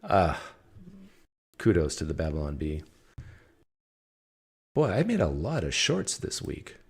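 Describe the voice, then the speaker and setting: A man's voice: rumbling low, huge pitch swings, a little slow, gravelly, slightly rough. A man hosting a call-in show, chatting casually and with amusement, with loose phrasing and fillers. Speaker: host. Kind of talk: casual commentary.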